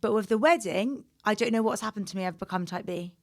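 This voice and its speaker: A young British woman, a comedian, chatting as a guest with lots of laughter and lively storytelling. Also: medium pitch, fast talker. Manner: giggly, animated storyteller. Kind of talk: casual chat.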